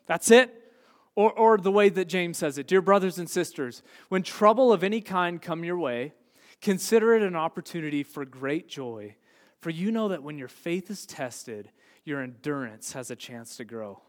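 Pastor guy preaching, earnest, kinda high voice, big hall echo. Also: lively intonation, normal speed. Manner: earnest preaching, swings from quiet to emphatic. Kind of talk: sermon.

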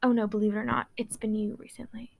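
A woman doing a gentle young male vampire with a wobbly British accent. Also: a little high, flat delivery, creaky, a little hiss or hum. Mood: soft. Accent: put-on British. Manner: halting, stumbling reading.

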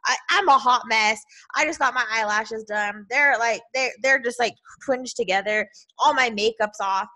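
Woman hosting her podcast, kinda high voice, super heartfelt, says like a lot. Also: moderate pace, bright, forceful tone. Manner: emotional, heartfelt, filler-heavy with constant "like". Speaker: podcast host. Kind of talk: casual personal storytelling.

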